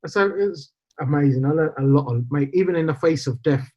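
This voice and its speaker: A middle-aged man, a podcast guest, telling stories in an animated, chatty way. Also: fairly high pitch, quick pace. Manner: storytelling, animated. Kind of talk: casual interview chat. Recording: dull lo-fi sound.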